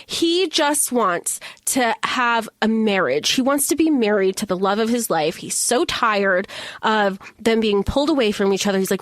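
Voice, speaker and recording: A woman co-hosting a podcast in casual chat, animated and swearing, acting out characters' lines as she argues. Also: on the high side, measured pace, no echo, clean studio sound. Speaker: podcast co-host.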